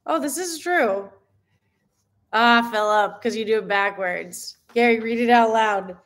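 A woman's voice: fairly high pitch, takes it slowly, pauses often, a bit bright. Bubbly, giggly woman fitness coach. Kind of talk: live stream chat with viewers.

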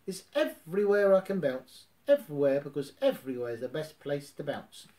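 A man voicing a loud, exuberant, bouncy tiger in a storybook reading. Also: on the high side, very animated, a little slow. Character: boisterous bouncy male tiger.

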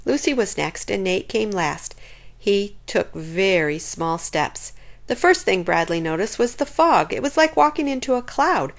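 A woman reading a children's chapter book aloud in an expressive, lively way. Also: medium pitch, a little slow, creaky. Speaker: storyteller.

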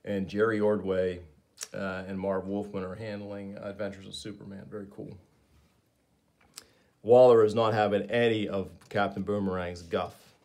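A man's voice: fairly low pitch, flat delivery, normal speed, a little mellow. A man giving casual, enthusiastic commentary while reading through a comic, with frequent fillers. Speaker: comics reviewer.

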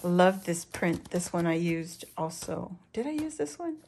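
A woman walks through a craft unboxing in a relaxed, unhurried way. She keeps breaking into excited, gushing exclamations as she shows off each piece. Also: lowish voice, gravelly, a little hiss or hum. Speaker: crafting channel host.

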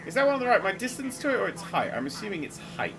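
Excitable sweary man gaming. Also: sits high, very fast, over music, poor audio. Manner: excitable, sweary, laughing running commentary. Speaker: gaming video host. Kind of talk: casual let's-play commentary.

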